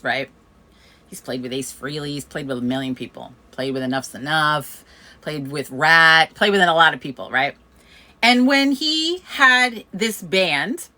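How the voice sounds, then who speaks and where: A woman, chatting casually as host and telling a story, laughing often and acting out the people she quotes. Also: deep voice. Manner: chatty, laughs often, animated quoting of others. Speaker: host of a community coffee chat.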